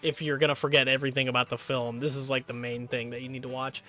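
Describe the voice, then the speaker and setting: A man's voice: medium pitch, level tone, fast, pushed and bright, soft background music. A man casually reviewing a horror film, rambling and joking, with "like" in nearly every sentence. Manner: rambling, joking, full of "like" fillers. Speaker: movie reviewer.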